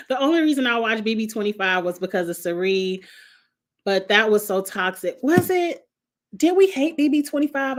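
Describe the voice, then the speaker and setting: A woman, hosting a casual reality TV review, blunt and sassy, with frequent laughs and cursing. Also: mid-range voice. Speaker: host of a reality TV review show. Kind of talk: casual chat reading viewer comments.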